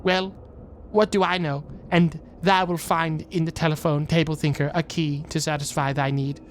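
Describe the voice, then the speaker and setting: A man voicing a pompous, old-fashioned formal gentleman who speaks in stilted, measured, archaic phrasing. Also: fairly high pitch, flat delivery, slight background noise, close to an everyday voice. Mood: stately.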